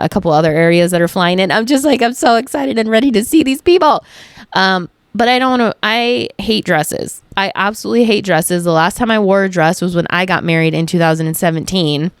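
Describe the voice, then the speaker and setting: Young woman vlogger, casual rambling chat, smooth clear voice, dry close sound, swears freely. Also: lowish voice, dry recording.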